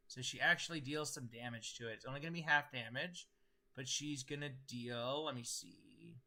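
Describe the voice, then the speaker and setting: A man's voice: mid-range voice, normal speed, vocal fry, bright, forceful tone. A man running a tabletop game as game master, thinking aloud as he tallies dice rolls. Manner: thinks aloud while tallying dice, with many fillers.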